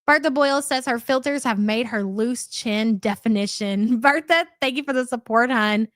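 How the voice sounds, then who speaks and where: A woman's voice: fairly high pitch, normal speed, fairly bright tone, dry recording, clean studio sound. A woman hosting a live commentary stream, chatty and sarcastic as she reacts to clips and thanks viewers. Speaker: livestream commentary host.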